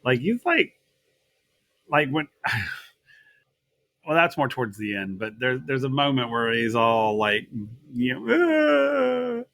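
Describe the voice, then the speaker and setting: A man's voice: mid-range voice, very animated, slow, vocal fry, long pauses, a bit bright. A man with an American accent co-hosting a podcast, rambling and laughing as he recalls a match. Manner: rambling, giggly, self-interrupting storytelling. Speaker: podcast co-host. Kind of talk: casual wrestling recap.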